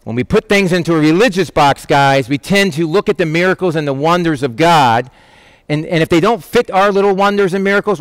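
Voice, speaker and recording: A man's voice: a little high, a little fast, clear, resonant tone, dry recording, clean studio sound. A man teaching on a Bible passage in a conversational way, asking rhetorical questions and acting out quoted voices. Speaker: preacher.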